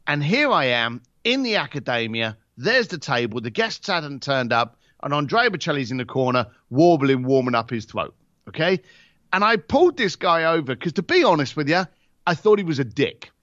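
A man tells a story on a podcast with a lively, swooping voice that sits a little high for a man. He is blunt, swears freely and acts out the dialogue. The sound is dry and slightly dull. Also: no echo. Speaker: podcast guest. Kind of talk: casual storytelling.

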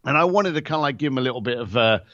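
A man's voice: mid-range voice, animated, very fast, a bit bright, dry recording, muffled recording. A man on a podcast telling a story in a blunt, casual way. He swears and acts out both sides of the conversation. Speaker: podcast guest.

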